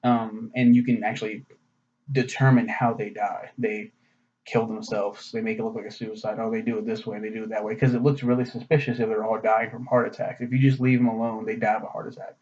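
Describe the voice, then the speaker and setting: A man's voice: on the low side, flat delivery, brisk, darkish tone. A man giving a casual, rambling anime review, profane and sarcastic in a loose, offhand way. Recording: slightly muffled lo-fi audio.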